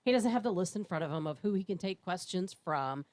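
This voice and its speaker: A woman, co-hosting a talk radio show with quick, blunt remarks. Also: on the low side, animated, darkish tone. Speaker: radio co-host.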